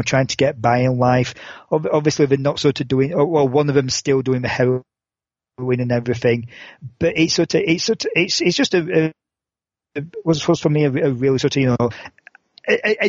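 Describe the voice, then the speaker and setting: A man's voice: medium pitch, no room sound. A man in his forties co-hosting a podcast in casual chat, rambling through restarts and fillers with a dry, sarcastic humor. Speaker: podcast co-host. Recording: dull lo-fi sound.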